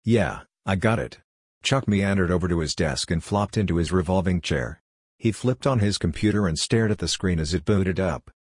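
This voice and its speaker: A man reads fiction aloud as narrator, his voice low and slightly husky. His delivery is steady and even. The recording is dry, with no room sound. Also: fairly quick, no room sound. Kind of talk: audiobook-style fiction reading.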